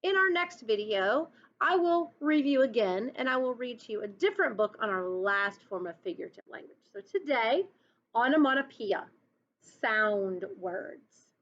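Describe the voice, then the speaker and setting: A woman's voice: a little high, lively intonation, moderate pace, fairly bright tone. A woman teacher giving a recorded lesson, patiently explaining to children, on a dull lo-fi recording. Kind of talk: recorded class lesson and read-aloud.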